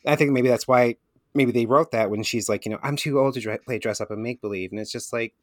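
A man's voice: mid-range voice, fast talker, no echo, studio quality. A man, a guest on a podcast, in casual chat, talking animatedly and acting out quoted lines.

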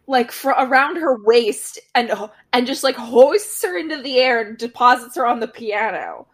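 Woman podcast co-host, high-pitched voice, chatty and amused, quick wry jokes. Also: animated, fairly bright tone. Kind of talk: casual chat recapping a TV episode.

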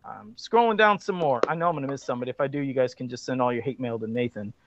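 A man's voice: mid-range voice, rapid-fire, background noise. A man hosting a casual live chat show, who laughs often, swears freely and tells stories with a lot of animation. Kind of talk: casual crude banter. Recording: dull lo-fi sound.

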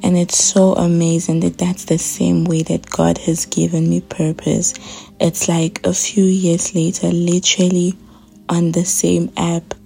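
A woman's voice: lowish voice, monotone, measured pace, creaky, warm tone, soft background music. A woman in her early twenties hosting a faith podcast, urging listeners earnestly and repeating phrases for emphasis. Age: early 20s. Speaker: podcast host.

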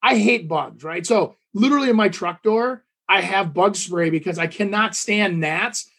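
A man's voice: high voice, moderate pace, creaky, a bit bright, breathy edge. A man co-hosting a casual podcast chat, a talkative storyteller with lots of fillers and restarts. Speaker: podcast co-host.

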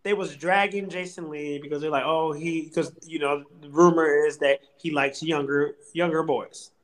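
Animated, emphatic male podcast host. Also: a little high, normal speed, rough recording. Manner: animated, emphatic storytelling with slang. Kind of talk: casual chat.

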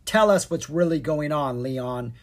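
A brave young girl in a storybook, firm and urgent in how she speaks, as a narrator puts her on. Her pitch jumps lively up and down. There is a husky, breathy edge to the voice. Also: a little slow, full character voice. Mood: commanding. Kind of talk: storybook reading.

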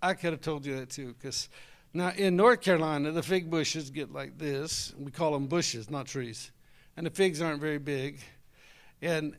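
A middle-aged man, preaching a folksy, conversational sermon and talking with his congregation. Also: fairly high pitch.

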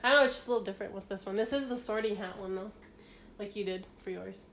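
A woman's voice: mid-range voice, fast, fairly bright tone, slight background noise. Giggly young woman reading quiz questions. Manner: giggly, reads questions aloud with playful asides. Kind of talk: casual chat.

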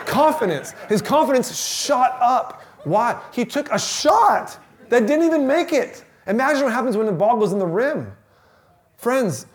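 Conversational preacher man, higher voice. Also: normal speed. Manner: conversational preaching, drops to near-whispers for emphasis; animated storytelling, shouting in re-enactment. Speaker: pastor. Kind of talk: sermon.

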